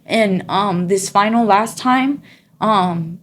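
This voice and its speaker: A woman giving a candid personal testimony as an interview guest. She talks in an earnest, open way, with frequent pauses and many "you know" and "like" fillers. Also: medium pitch. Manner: halting, full of 'you know' and 'like' fillers.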